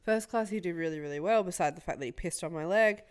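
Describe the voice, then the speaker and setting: A woman's voice: lowish voice, fast, clear, resonant tone. A young woman co-hosting a podcast, rambling through a story in casual chat, swearing freely and laughing often. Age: young adult. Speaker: podcast co-host.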